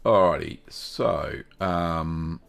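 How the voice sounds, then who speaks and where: Gravelly low-voiced Australian man chatting. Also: very slow. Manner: greets viewers one by one, relaxed and chatty. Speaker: host of a cheese-making livestream. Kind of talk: casual live-stream chat.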